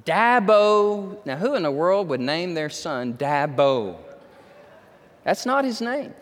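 High-voiced preacher in a reverberant hall. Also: male voice, very animated, slow. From Texas. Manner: conversational preaching, rising to impassioned pleading. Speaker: pastor. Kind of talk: sermon.

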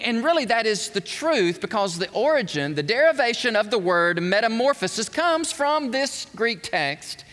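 A man preaching an emphatic, animated sermon to a live congregation, putting questions to the room. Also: very high voice. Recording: long reverb of a large hall.

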